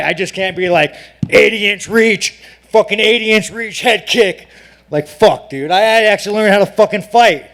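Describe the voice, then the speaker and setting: A man ranting profanely at a press scrum, swinging between mumbles and shouts. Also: high-pitched. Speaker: fighter at media day. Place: media scrum with crowd.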